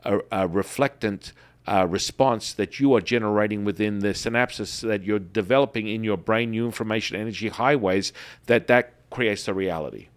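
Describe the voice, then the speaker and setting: A man hosting a podcast, talking in an emphatic, repetitive way and telling animated stories. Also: lowish voice, moderate pace. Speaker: podcast host. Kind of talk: enthusiastic promotional talk.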